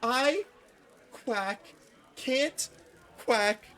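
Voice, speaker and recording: A man voicing a silly, chirpy quacking duck on a live stream, quacking slowly with high whoops. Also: a bit bright, exaggerated voice. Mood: goofy.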